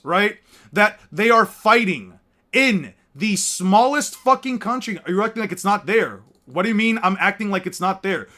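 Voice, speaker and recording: High-voiced young man, heated rant. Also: pushed and bright. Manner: exasperated, profane, mocking. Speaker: YouTuber. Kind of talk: heated ranting commentary.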